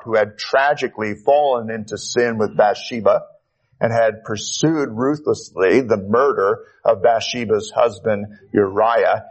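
A man, reading scripture and preaching a sermon in a measured, earnest way with emphatic stresses. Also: fairly low pitch, rough recording. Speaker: pastor.

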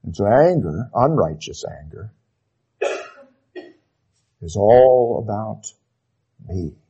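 A man preaching a sermon, emphatic and repetitive, often dropping to a quiet, low intensity at the ends of phrases. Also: animated, slow, husky, highs cut off. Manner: emphatic, repeats key phrases, drops to low intensity on closing words.

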